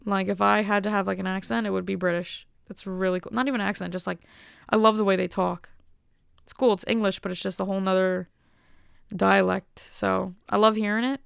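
A woman's voice: medium pitch, fairly even intonation, brisk, gravelly, clear, resonant tone, dry recording, clean studio sound. A young American woman talking casually to her viewers in a rambling, enthusiastic and wry way. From United States. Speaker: vlogger. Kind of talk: casual monologue.

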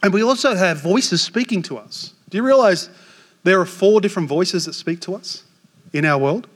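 High-voiced Australian pastor in his forties. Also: moderate pace. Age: 40s. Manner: animated storytelling with self-mocking humour. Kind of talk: sermon. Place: church hall. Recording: long hall reverb.

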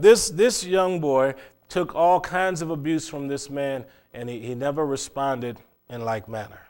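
A man's voice: on the high side, takes it slowly, pauses often. A middle-aged man preaching a sermon, telling a long moral story with frequent stammered restarts.

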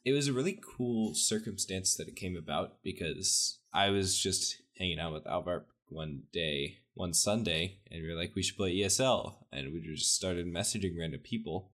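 Brief: deep-voiced male co-host, relaxed rambling delivery. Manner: easygoing, rambling, trails off. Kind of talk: casual chat.

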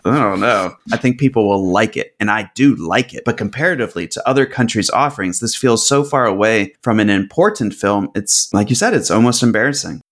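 A man's voice: lowish voice, expressive, fairly quick, few pauses. A man hosts a casual movie podcast. He rambles and pokes fun at himself, and fills his sentences with "like.". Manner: rambling, self-deprecating, lots of "like". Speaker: podcast host. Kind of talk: casual film discussion.

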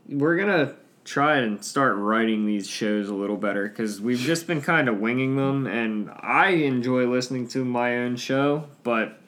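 A man hosting a casual car podcast, relaxed and rambling, swearing freely and trailing off with ums. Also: medium pitch. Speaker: podcast host.

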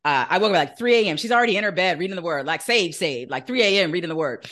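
A woman guest on an interview podcast, telling a personal faith story in an earnest, animated way and acting out the voices she quotes. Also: on the low side, fast, hardly any pauses. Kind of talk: conversational testimony in an interview.

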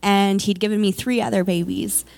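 A woman, a mother of four, shares a personal faith testimony in a candid, unpolished way. Her speech is full of fillers and restarts. Her mid-pitched voice carries a gravelly creak. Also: steady tone, normal speed, darkish tone. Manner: candid storytelling with many fillers.

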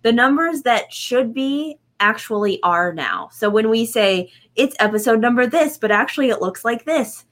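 A woman co-hosting a live podcast in a relaxed, casual way. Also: a little high, normal speed, hardly any pauses. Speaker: podcast co-host.

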